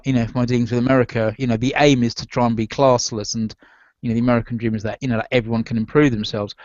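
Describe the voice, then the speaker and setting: A man's voice: medium pitch, no room sound, dull audio. A man on a video call, speaking in a rush peppered with "you know". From England. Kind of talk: casual group discussion on a video call.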